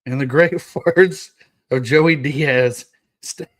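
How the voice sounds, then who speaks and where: A man's voice: mid-range voice, slow pace, a bit bright. A young man hosting a casual solo podcast, reading notes aloud and joking with his live chat, laughing often. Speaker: podcast host.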